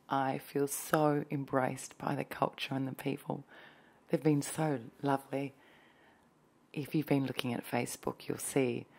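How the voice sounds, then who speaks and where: A woman speaking as an ASMR host in a soft-spoken travel diary, drifting dreamily between whispers and a hushed voice in a hotel room. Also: very deep voice, creaky, husky.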